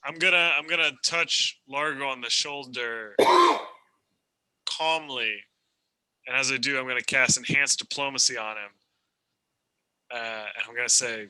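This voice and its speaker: A man joking with his tabletop group. His voice is very bright and forward, and the recording is close and dry. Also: medium pitch, measured pace, pauses often, smooth, dry recording, poor audio. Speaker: player. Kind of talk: casual tabletop play.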